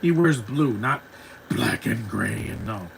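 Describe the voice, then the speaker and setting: A man's voice: medium pitch, animated, takes it slowly, a little hiss or hum, poor audio. A man hosting a live stream, chatting casually and rambling as he reacts to a cartoon and answers his chat. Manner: chatty, rambling, laughs easily, talks back to chat.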